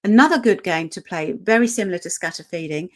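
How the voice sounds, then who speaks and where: A woman's voice: fairly low pitch, fast talker. Woman, dog trainer, runs a casual online workshop, keeps asking "okay?". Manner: conversational, checks in with "okay?" often.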